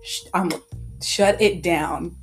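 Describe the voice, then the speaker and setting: A woman's voice: lowish voice, takes it slowly, faint music behind. A young woman talking as a podcast guest in a casual chat, telling stories animatedly with lots of "like" and frequent laughter. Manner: animated storyteller, heavy use of "like", laughs often.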